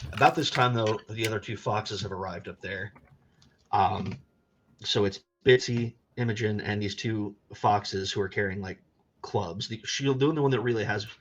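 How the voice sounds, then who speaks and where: A man's voice: fairly low pitch, a bit bright, muffled recording. A man narrating as game master of a tabletop game, in a laid-back, rambling way.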